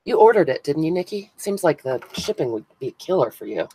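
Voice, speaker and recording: A woman's voice: sits low, very animated, fairly quick, dark tone, breathy edge, rough recording. A woman hosting a casual craft live stream, chatting with viewers by name as she glues buttons and thinks aloud. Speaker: craft channel host. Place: indoors at a crafting table.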